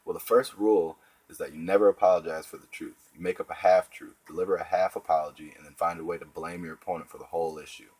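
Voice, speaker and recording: A man's voice: low voice, steady tone, fast, hardly any pauses, a little mellow, slightly rough, dry recording, rough recording. A man reading the part of a smug, scheming schoolboy who lectures like a small politician.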